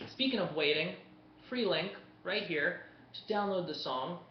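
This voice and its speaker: A man hosting a live fan chat, talking casually, excitable and swearing, shouting bursts and then mumbling while reading. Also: high-pitched, measured pace. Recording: dull lo-fi webcast audio with faint noise.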